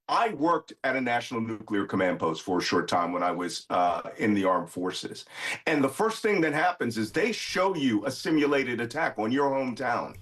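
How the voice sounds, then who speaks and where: Middle-aged guy arguing hard on a talk show, kinda high voice, forceful. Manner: emphatic, forceful. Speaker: guest commentator. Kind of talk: heated debate.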